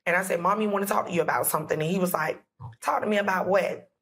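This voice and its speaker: Husky low-voiced woman telling a story. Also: fast, a bit bright. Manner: emotional, retelling dialogue with many "I said, he said". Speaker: podcast guest. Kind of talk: personal storytelling.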